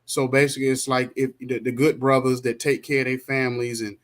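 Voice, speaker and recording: A man's voice: mid-range voice, little pitch movement, fairly quick. Rambling podcast host, a man. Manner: rambling, conversational, full of fillers and restarts. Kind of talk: casual interview chat.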